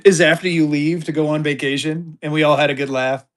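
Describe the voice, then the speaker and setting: Excited man running a live auction. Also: a little high, a little fast. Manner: excited, chatty, talks straight to viewers. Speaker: livestream seller. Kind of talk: live auction stream chat.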